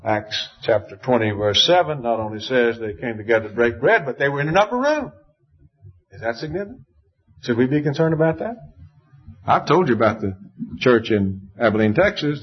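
A man preaching a sermon, emphatic, his voice jumping up in pitch to stress each point. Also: husky. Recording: dull lo-fi recording.

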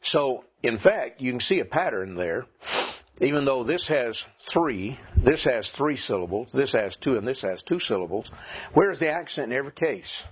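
A man teaching a classroom lesson, asking his students questions and clearing his throat now and then. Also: medium pitch, sing-song, moderate pace. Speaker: Greek teacher. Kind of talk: classroom lecture. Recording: dull lo-fi classroom recording.

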